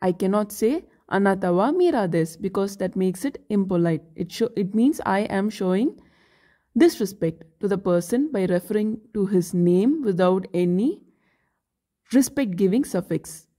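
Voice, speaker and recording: A woman teaching a beginner language lesson, explaining grammar points slowly and carefully with example phrases. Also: mid-range voice, animated, warm tone.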